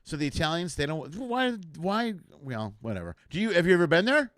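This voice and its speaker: A man's voice: a little high, sing-song, brisk, a bit bright, no echo, clean studio sound. A man from the area, a comedian hosting a casual live chat show and rambling jokily. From Chicago area. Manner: rambling, jokey, self-deprecating.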